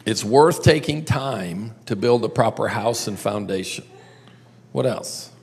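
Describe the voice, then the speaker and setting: Gravelly, husky male speaker working a crowd through a story lesson; big hall reverb. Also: on the low side, lively intonation, unhurried, a little mellow. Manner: coaxing the audience with questions.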